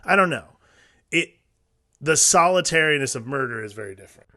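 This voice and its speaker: Male podcast co-host, halting and filler-heavy; bright, forceful tone, dry close recording. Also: a little high, animated, no echo. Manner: halting, filler-heavy, full of likes and restarts. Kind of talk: casual film discussion.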